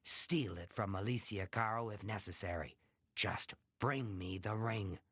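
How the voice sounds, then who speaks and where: A man's voice: on the low side, unhurried, pushed and bright, husky, no room sound, clean studio sound, full character voice. A man voicing a scheming male lizard-folk thief in a video game who calls himself "this one".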